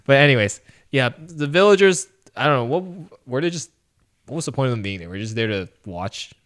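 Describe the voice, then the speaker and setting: A man co-hosting a podcast, casually reviewing a film, retelling scenes with lively acted-out lines and frequent laughs. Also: mid-range voice, a little fast. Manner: animated retelling, acting out lines, laughs often. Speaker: podcast co-host. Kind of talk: casual movie review chat.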